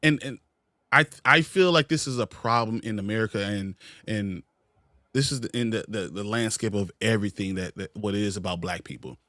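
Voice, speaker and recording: A man's voice: fairly low pitch, fairly quick, sharp tone, no echo, clean studio sound. A man in a casual panel discussion, talking earnestly and often repeating words as he searches for his phrasing. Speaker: podcast panelist.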